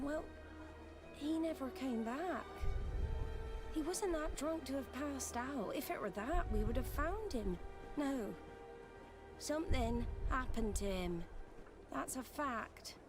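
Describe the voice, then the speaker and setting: An actress playing a chatty townswoman recounting events in a game, drawn-out and confiding. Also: high-pitched, lively intonation. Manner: storytelling, drawn-out. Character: chatty townswoman witness, gossipy. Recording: game audio with music behind.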